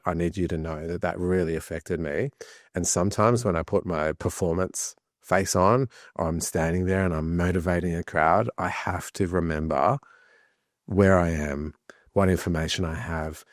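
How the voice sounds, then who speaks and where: A man's voice: low-pitched, dry recording, studio quality. A man, a podcast guest telling candid stories with restarts and self-deprecating humor. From Australia. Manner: animated storyteller, many restarts, self-deprecating.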